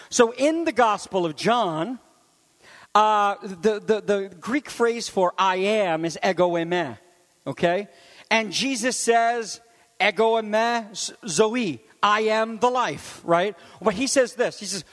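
A man with a very high voice preaches a sermon, lively and building up to shouts on the key phrases. He drops into conversational asides to the congregation between points. His voice rings with the long reverb of a church hall. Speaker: pastor.

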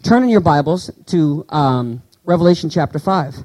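A man preaching a sermon, teaching with lively rhetorical questions to his congregation and reading scripture slowly and deliberately. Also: fairly high pitch, rough recording. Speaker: pastor.

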